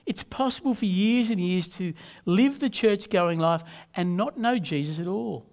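A man, a pastor, preaching a sermon in an earnest, measured way, leaning on emphatic repetition. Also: high voice, a little mellow.

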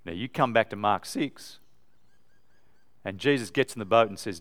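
A man preaching an animated, emphatic sermon to a live congregation in a church. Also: on the low side, moderate pace, long pauses.

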